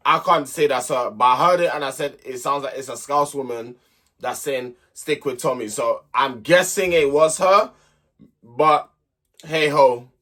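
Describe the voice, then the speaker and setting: A man's voice: a little high, pushed and bright. A young man hosting a reality TV recap channel, giving blunt, exasperated opinions in casual commentary.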